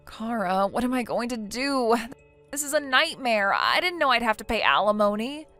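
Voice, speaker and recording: A whiny, naive young wife, voiced by a synthetic woman, hesitant and pleading as she makes excuses. Her voice sits a little high, and faint music runs under the text-message story. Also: sing-song, normal speed, bright, forceful tone. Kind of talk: text-to-speech text story narration.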